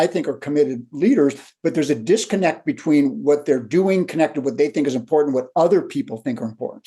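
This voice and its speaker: An older man, a leadership coach, talking through lessons in a relaxed interview and acting out the people in his stories. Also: a little high, breathy edge. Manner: animated storyteller who acts out quotes. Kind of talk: conversational storytelling.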